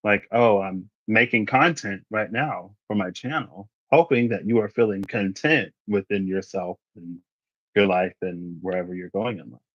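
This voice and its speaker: Lower-voiced man, tarot reader, casual and rambling with many asides; dry, slightly dull recording. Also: moderate pace, no echo.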